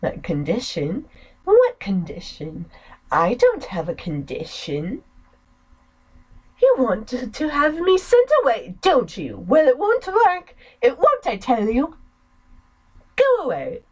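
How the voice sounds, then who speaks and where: A woman's voice: fairly low pitch, huge pitch swings, slow, a little mellow, slightly rough, voice pushed down, exaggerated voice. A woman voicing a cruel, unhinged teenage girl who taunts and mocks. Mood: defensive. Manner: mocking, sinks to a whisper.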